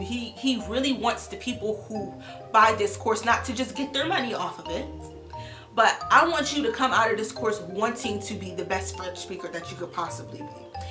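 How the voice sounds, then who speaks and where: Young woman vlogger, casual and animated, many fillers, mid-pitched, roomy echo with music underneath. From Columbus, Ohio, USA. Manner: animated, filler-heavy with frequent "like". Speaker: vlogger reviewing a language course. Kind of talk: casual chatty review. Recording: echoey room with music behind.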